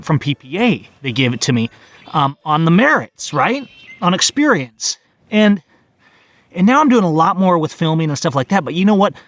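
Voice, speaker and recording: A man in his forties vlogging outdoors in a park, talking excitedly about photography and often restarting his phrases. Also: fairly high pitch. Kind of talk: casual outdoor vlog.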